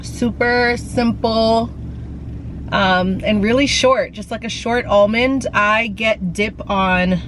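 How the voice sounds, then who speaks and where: A woman's voice: on the high side, steady tone, slow pace, fairly bright tone, slight background noise, poor audio. Chatty pregnant woman vlogging from her car. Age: 30s. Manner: chatty, candid, slangy, addresses viewers as y'all. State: heavily pregnant. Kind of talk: chatty vlog talk. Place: parked car and at home. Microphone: handheld camera.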